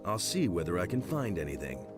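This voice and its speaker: An actor playing a game's adventurer hero, speaking in a plain, matter-of-fact way. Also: male voice, deep voice, sing-song, fairly quick, over music. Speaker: game protagonist.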